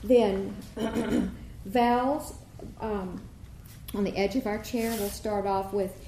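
A woman choir director giving a workshop, explaining and demonstrating warm-ups and singing vowels for her listeners. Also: medium pitch, steady tone, slow pace, noisy background. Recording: echoey room with faint ambience.

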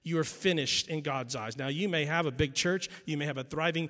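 A man's voice: a little high, fairly quick, sharp tone. A male preacher giving an emphatic sermon, driving points home by repetition and adding wry asides. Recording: long reverb in a large hall.

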